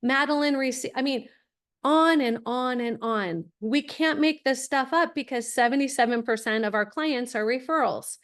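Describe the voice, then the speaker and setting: A middle-aged woman presents a webinar on college admissions with a fairly high voice. She tells family stories in an animated way and jumps up in pitch when she acts out the people she quotes. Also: normal speed. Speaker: webinar host and college consultant. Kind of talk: lively storytelling presentation.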